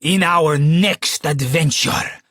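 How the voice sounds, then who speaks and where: A man doing a booming Italian showman. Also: fairly bright tone, dry recording, clean studio sound. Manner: booming, slow showman delivery. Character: boastful Italian stage escape artist man. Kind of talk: audiobook character voice.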